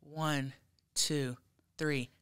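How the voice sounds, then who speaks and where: A woman's voice: low-pitched, steady tone, very slow, fairly bright tone, smooth. A woman co-hosting a podcast, talking in a brash, blunt, casual way. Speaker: podcast co-host. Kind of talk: casual chat.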